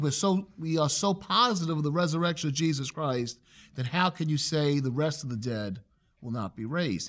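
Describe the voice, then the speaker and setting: A man delivers an expository Bible lesson with a slightly high voice. He speaks earnestly and with emphasis, changing his pace to stress certain points. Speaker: preacher.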